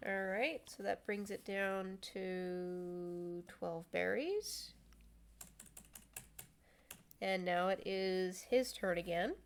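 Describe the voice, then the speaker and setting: A woman running a tabletop game as game master, narrating in a brisk, blunt, teasing way. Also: mid-range voice.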